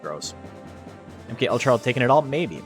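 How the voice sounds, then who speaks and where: A man with a mid-range, very animated voice hosts a live stream of a game tournament at a moderate pace. Between calls of the action he rambles casually, jokes and swears freely, with faint background music playing.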